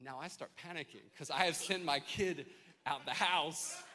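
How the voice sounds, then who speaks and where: Bright-voiced pastor telling a story. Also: male voice, on the high side, normal speed. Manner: animated, self-mocking storyteller. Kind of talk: sermon with a personal story. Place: church service with congregation.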